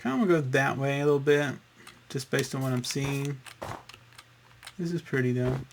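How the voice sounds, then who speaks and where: A man's voice: medium pitch, moderate pace, background noise. A man hosting a let's-play, talking through his game in a rambling, chatty way with fillers and little sound effects. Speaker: gaming channel host. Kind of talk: casual let's-play commentary.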